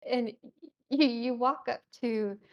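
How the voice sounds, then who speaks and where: A woman runs a tabletop game, her voice sitting a little high. She paints each scene slowly, stopping often to find the next detail, and keeps her narration loose and unscripted. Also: lo-fi sound. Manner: halting scene description with many pauses. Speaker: game master.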